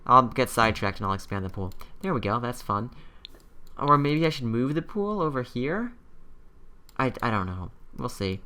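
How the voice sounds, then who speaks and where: A young man with a bright, clear tone talks his way through a building session in a casual, meandering way. He thinks out loud, hesitates often and fills the gaps with ums and likes, keeping it relaxed and unscripted. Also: mid-range voice, normal speed. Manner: rambling, thinking aloud with many fillers. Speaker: video host building in a game. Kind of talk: casual gameplay commentary.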